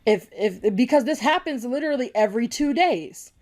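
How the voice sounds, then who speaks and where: A woman's voice: fairly high pitch, expressive, moderate pace, a little mellow. A young woman vlogger delivering an angry opinion rant, talking in a blunt, heated way and swearing freely.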